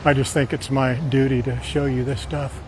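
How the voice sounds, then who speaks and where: A man's voice: medium pitch, little pitch movement, normal speed. A man rambling casually as he guides a walking live stream through city streets, telling stories with fillers. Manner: chatty, rambling, with fillers and storytelling. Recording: faint street noise outdoors.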